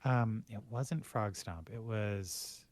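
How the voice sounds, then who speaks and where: A man's voice: lowish voice, slow, no room sound. A man co-hosting a podcast in casual chat, rambling with many fillers and restarts. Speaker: podcast co-host.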